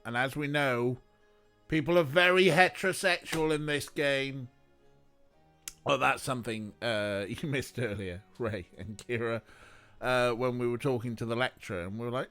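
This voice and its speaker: A man giving casual, sarcastic commentary while he streams a mystery adventure game, with game music playing faintly behind him. His voice sits at an ordinary middle pitch. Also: steady tone, normal speed, a bit bright, clean tone. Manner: sarcastic, joking asides. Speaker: let's play streamer.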